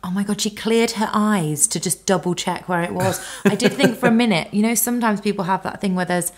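A woman's voice: mid-range voice, a little fast. An English woman co-hosting a comedy podcast, chatting playfully and giggling as she riffs on what is read. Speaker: podcast co-host. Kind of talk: casual comic chat.

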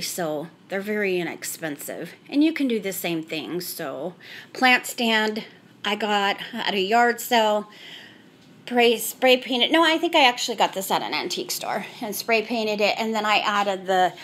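This home decor vlogger, a middle-aged woman, has an expressive, slightly bright voice of medium pitch and takes her time. She rambles chattily through a casual family room tour, repeating "so anyhow," recorded on a handheld camera she carries.

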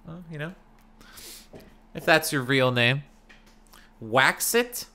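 Playful male game streamer, slightly high. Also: slow, sharp tone. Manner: playful, teasing, reads chat aloud. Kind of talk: casual live game commentary.

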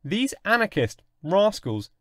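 A man's voice: high voice, very animated, a little slow, fairly bright tone, no echo, studio quality, voice pushed up, exaggerated voice. A man voicing a pale, intense male visitor who speaks in a clipped, polite manner, for an audiobook reading. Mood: scornful.

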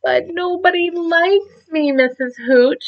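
A lonely little porcupine boy speaks in a small, plaintive voice, as a woman reads him. It sits a bit above her own pitch. The recording is dull and lo-fi. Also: slow pace, distant mic. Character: young timid male porcupine, lonely.

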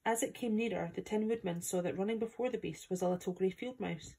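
A woman's voice: medium pitch, fast, gravelly, dark tone, breathy edge. Woman reading a children's story aloud. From Scotland. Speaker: volunteer reader.

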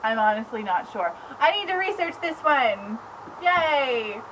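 A young woman book blogger chatting casually on camera at home, excitable and rambling, with lots of "like". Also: a little high, measured pace, background noise. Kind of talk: casual vlog chat. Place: home with pets around.

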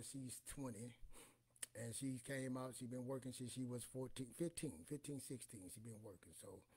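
A man's voice: mid-range voice, slightly rough. A man in his forties hosting a casual talk, rambling through personal stories and often repeating "you know what I'm saying". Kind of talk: casual storytelling monologue.

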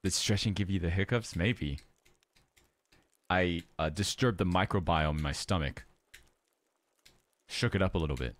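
A man's voice: sits low, moderate pace, long pauses. A tired man streaming a game, chatting casually and playfully with his viewers. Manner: rambling, playful, easily excited. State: tired, sleepy.

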